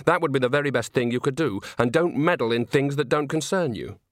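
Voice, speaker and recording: A man reading aloud voices a guarded young man who sneers and threatens in a cool, lowered tone. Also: expressive, a little fast, no room sound, clean studio sound, lightly acted. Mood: threatening.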